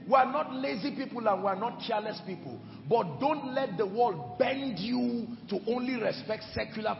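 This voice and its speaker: A man preaching a sermon with impassioned, shouted peaks, recorded in a large church hall. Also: high voice, gravelly. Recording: echoey hall, dull sound, music behind. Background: music.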